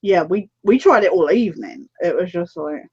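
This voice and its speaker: A woman co-hosting a casual gaming chat, lively and quick to laugh. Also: fairly low pitch, husky. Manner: lively, laughs often, agreeable. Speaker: podcast co-host. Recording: dull lo-fi audio.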